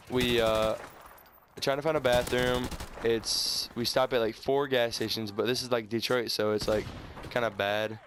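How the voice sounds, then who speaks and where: A sixteen-year-old boy, casually telling a story over gameplay in a halting, rambling way full of restarts and stutters. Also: on the low side, noisy background. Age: teens. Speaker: gaming YouTuber. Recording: faint gunfire from game audio. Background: video game gunfire.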